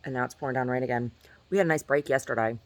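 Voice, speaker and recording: A woman vlogger talking in a rambling, chatty way, often asking "right?" and at times jumping up into a high squeaky pitch. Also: rapid-fire, dry recording. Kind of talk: casual rambling monologue.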